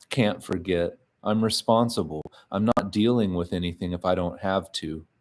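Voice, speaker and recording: A man giving a measured, quiet reading of literary fiction in the first person, pausing often between short phrases. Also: low-pitched. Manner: slow, measured, quiet delivery with frequent pauses.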